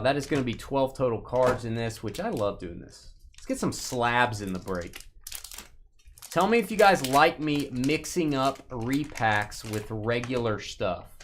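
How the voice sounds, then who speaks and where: A man's voice: mid-range voice, big pitch swings, a little slow, a bit bright, slight background noise. A man hosting a live sports card break stream, chatting casually with playful, rambling jokes. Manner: playful, rambling, jokey asides while opening packs.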